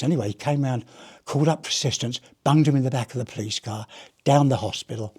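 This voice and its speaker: A man's voice: mid-range voice, fast talker, a little mellow, slightly rough. An older man, a retired police officer, giving a rambling, chatty anecdotal talk to a live audience. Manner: rambling, chatty storyteller with many restarts. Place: heritage gallery talk.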